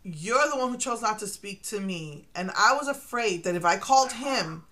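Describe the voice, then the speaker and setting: Middle-aged woman from Puerto Rico, bright voice, emotional confessional vlog, rambling with restarts. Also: mid-range voice, lively intonation, moderate pace. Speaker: vlogger. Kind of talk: personal confessional monologue.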